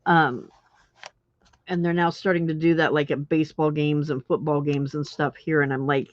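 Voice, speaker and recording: In a late-night crafting livestream, a woman with a deep voice speaks at a moderate pace with fairly even intonation. She chats casually with live chat viewers, giggling often and answering comments as she crafts. The stream audio is dull, muffled, and lo-fi.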